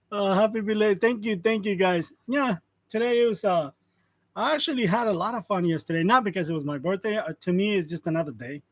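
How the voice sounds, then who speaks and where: A man in his forties chats casually on a live stream, calling out viewers by name and laughing lightly as he goes. His voice sits fairly high for a man. The sound is dry and close, as from a clip-on mic. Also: normal speed, no room sound. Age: 40s. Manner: greets viewers by name, chuckles often. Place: print shop. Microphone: wireless lavalier.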